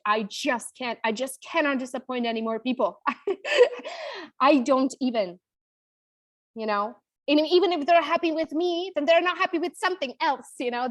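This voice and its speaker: A woman's voice: a little high, no room sound. A woman in her thirties, a business coach, telling a personal story in an emotional, confiding way. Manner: emotional, confiding, frequent "you know".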